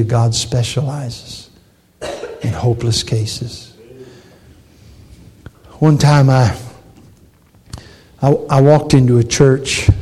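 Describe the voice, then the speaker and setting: A man's voice: mid-range voice, mellow. Emphatic preaching man in his sixties. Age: 60s. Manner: emphatic preaching with dramatic storytelling. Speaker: pastor. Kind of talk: sermon.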